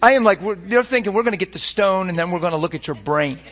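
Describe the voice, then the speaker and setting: A man's voice: high voice, animated, fast talker, fairly bright tone. A man telling a personal story dramatically, acting out the voices and laughing through it. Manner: dramatic, acts out every voice, laughs through lines. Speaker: storyteller giving a testimony.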